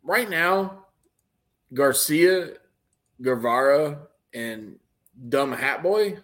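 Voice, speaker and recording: A man's voice: on the high side, lively intonation, extremely slow, a bit bright. Blunt, swearing podcast co-host man. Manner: blunt, swears casually, opinionated. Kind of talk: casual chat about wrestling.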